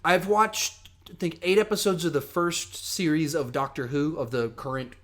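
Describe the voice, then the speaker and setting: A young man hosting a casual livestream Q&A, talking in a rambling, animated, self-mocking way. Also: a little high, moderate pace. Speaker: host.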